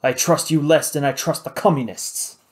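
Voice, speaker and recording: A man voicing a cold, proud ex-soldier hijacker in an audiobook, speaking low, clipped and hissing. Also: normal speed, lightly acted. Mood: defiant. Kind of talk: audiobook character voice.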